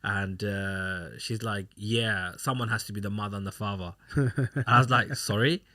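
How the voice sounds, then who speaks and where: Lower-voiced man telling rambling stories. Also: steady tone, normal speed, sharp tone. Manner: rambling anecdotes acting out quoted dialogue. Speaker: podcast co-host. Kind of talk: casual chat.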